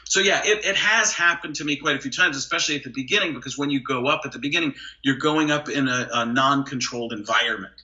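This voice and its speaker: A male comedian and impressionist chatting on a podcast, lively and quick to slip into impressions. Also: mid-range voice, lo-fi sound. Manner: animated, jumps into brief celebrity impressions. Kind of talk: casual podcast chat with quick impression demos.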